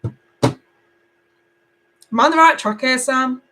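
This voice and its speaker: A middle-aged woman from England reading tarot cards live, chatty and animated as she talks to viewers. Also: sits high, takes it slowly, a little hiss or hum, poor audio. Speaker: tarot reader.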